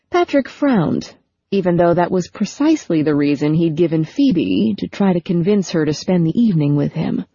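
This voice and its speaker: A woman narrates a novel in a steady, measured way. Her voice is lowish, mellow and husky. The recording is dry and a little dull. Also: no echo. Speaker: audiobook narrator. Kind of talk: scripted narration.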